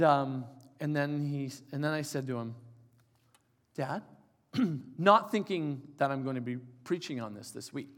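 A man in his forties preaching a sermon, telling an emotional personal story and dropping to soft, quiet tones for emphasis. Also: medium pitch. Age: 40s. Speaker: pastor. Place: church hall. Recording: reverberant church hall.

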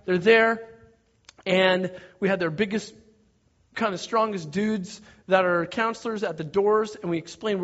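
जोशीला, ऊँची आवाज़ वाला पादरी. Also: male voice, high-pitched, moderate pace. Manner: animated, shouting bits of the story. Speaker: pastor. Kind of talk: sermon storytelling. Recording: dull lo-fi recording.

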